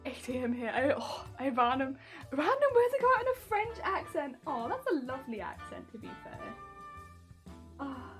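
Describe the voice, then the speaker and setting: A woman's voice: sits high, sing-song, brisk. A woman streaming while she crafts a cosplay, chatting casually, giggling often and reading out her chat. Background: soft background music.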